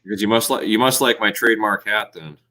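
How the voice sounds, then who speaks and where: A man's voice: fairly low pitch, pushed and bright. A man chatting casually about his outdoor videos, with many restarts and fillers. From Minnesota. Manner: halting, loose talker with many restarts. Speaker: guest outdoors video creator. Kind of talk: casual outdoors chat on a livestream.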